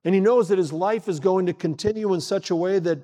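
A middle-aged man preaching a sermon, asking the congregation questions, pausing for effect and acting out short exchanges in the story. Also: sits high, warm tone. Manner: preaching with rhetorical questions, dramatic pauses and retold dialogue. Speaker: pastor. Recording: long hall reverb.

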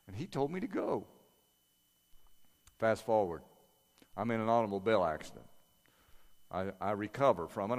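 Story-telling preacher in a reverberant hall. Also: male voice, medium pitch, vocal fry. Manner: conversational, acts out voices of family. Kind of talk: storytelling sermon.

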